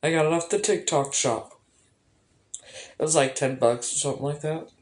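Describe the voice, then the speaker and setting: A woman's voice: deep voice, normal speed, darkish tone. A woman vlogging in casual personal chat, rambling and emotional, swearing often. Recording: echoey room.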